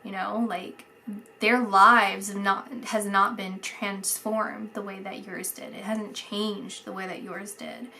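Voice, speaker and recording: Soft-spoken woman doing a psychic reading. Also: mid-range voice, little pitch movement, slight background noise. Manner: halting, searching for words, many fillers; soft, dreamy, drops to a whisper at times. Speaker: psychic reader. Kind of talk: casual spiritual reading.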